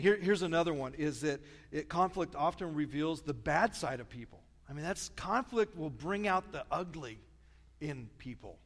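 A man's voice: on the high side, fairly bright tone. A middle-aged man preaching a sermon, telling stories in a chatty, self-mocking way. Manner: storytelling, chatty, self-deprecating humor. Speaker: pastor. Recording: long reverb of a large church hall.

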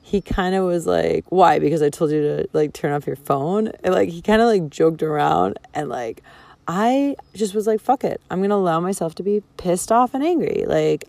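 A woman's voice: lowish voice, vocal fry, dark tone, no room sound. A young woman vlogger telling a personal story candidly, emotional and swearing freely, with lots of fillers. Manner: frank, emotional, swears a lot, filler-heavy.

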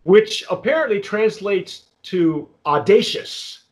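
A man with a fairly high-pitched voice talks his way through a tasting in a loose, unhurried chat. He stops and restarts his phrases again and again and fills the gaps with "um" and "uh". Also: lively intonation. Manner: rambling, halting, with many restarts and fillers. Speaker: tequila review host.

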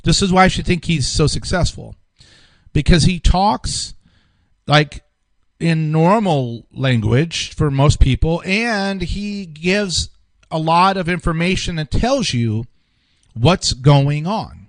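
A man talks through a political news article in a loose, off-the-cuff way, restarting sentences and repeating himself as he goes. His voice sits somewhat high for a man. The sound is close and dry, with no room reverb. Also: expressive, slow. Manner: rambling, restarts often, repeats words. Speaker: political commentary host. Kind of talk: casual news commentary.

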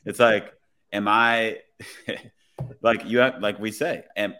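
Man, police officer, low pitch, bright tone, relaxed storyteller. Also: slow pace. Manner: relaxed, tells stories with quoted dialogue. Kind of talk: casual podcast storytelling.

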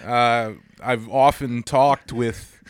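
A man putting on a mild, slow-talking children's TV host voice as a joke on a podcast. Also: medium pitch, fairly even intonation, smooth, no echo. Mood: mock-gentle.

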